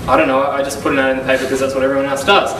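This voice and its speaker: A man's voice: mid-range voice, very fast. A young man telling a casual testimonial story, acting out the calls and conversations he describes. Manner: animated storyteller, acts out phone calls and quotes. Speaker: business consultant giving a testimonial. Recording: echoey room, mic a bit far, audible noise.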